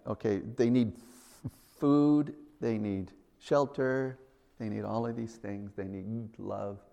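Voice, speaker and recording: A man's voice: mid-range voice, a little mellow. A man preaching a sermon in an earnest way, often repeating himself and acting out little conversations.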